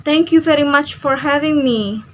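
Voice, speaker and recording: A woman's voice: high-pitched, moderate pace, low-quality recording. A young woman, a student reading an interview transcript aloud with care, stumbling and restarting now and then. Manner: careful reading with small slips and restarts.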